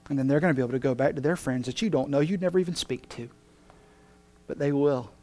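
A man voicing a soft, sorrowful Jesus. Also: close to an everyday voice. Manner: soft, low, earnest. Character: gentle, sorrowful Jesus speaking to believers.

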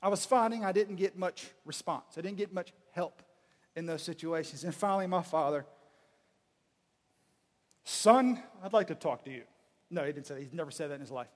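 A man giving a humorous storytelling talk, animated and acting out bits of dialogue. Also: fairly high pitch, fast. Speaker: speaker. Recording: reverberant hall.

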